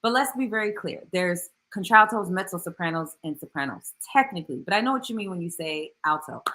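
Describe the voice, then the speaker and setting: A woman vocal coach answering viewer comments in a casual livestream Q&A, chatty and animated, with slangy asides and playful jumps up into a much higher voice. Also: a little fast.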